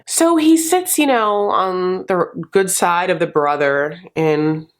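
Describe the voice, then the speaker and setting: A sassy woman talking straight to camera in a casual comedic recap. Her voice sits on the low side for a woman, and she swears freely and jumps into little put-on voices for the people she quotes. It is an animated, gossipy vlog delivery. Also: slow pace. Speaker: reality TV recap vlogger.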